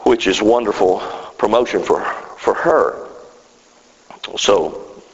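A man's voice: on the low side, slow, a little hiss or hum. A man preaching a rambling sermon to his fellowship, often asking the congregation whether they follow him. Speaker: pastor. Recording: muffled sound with long hall reverb.

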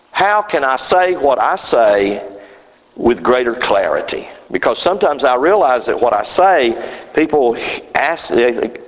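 A man preaching a rambling sermon to his fellowship, often asking the congregation whether they follow him. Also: mid-range voice. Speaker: pastor. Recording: muffled sound with long hall reverb.

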